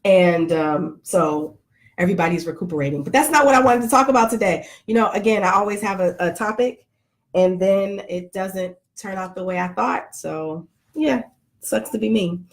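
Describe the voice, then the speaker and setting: A middle-aged woman talks loosely and playfully to her live audience, teasing viewers and stopping to greet them by name. Her voice sits at an ordinary middle pitch for a woman. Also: lively intonation, normal speed. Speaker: vlogger. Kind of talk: casual chat to live viewers.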